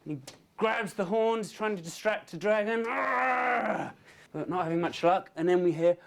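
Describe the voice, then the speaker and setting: A man narrating an animated story pitch, describing action and making sound effects. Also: unhurried, gravelly, a little hiss or hum. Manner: dropping into low voices, making sound effects.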